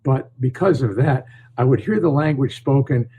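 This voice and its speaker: An older man from northern New York, a storyteller answering interview questions in a calm, measured way. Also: mid-range voice, slight background noise, low-quality recording. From northern New York, USA. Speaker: storyteller and author, guest. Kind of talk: podcast interview.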